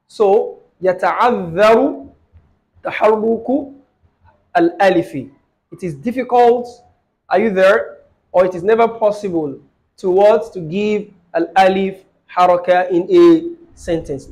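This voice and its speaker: Brief: male tutor with a high voice, patient, checks in often, repeats each phrase slowly. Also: a little mellow, poor audio. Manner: asks the student questions and repeats phrases slowly. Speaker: Arabic grammar teacher. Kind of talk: live online lesson with a student.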